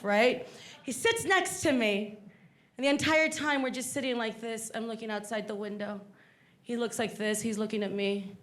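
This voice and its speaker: Speaking at a normal speed with a voice on the high side, a stand-up comedian from South Texas tells stories onstage and animatedly acts out the voices of those involved. The live club recording has faint noise and audience laughter.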